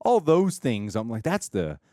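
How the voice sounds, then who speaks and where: A man's voice: mid-range voice, measured pace, no echo, clean studio sound. A man co-hosting a TV reaction show, chatting casually and joking as he acts out lines. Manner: animated and joking, acting out lines. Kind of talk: casual review chat.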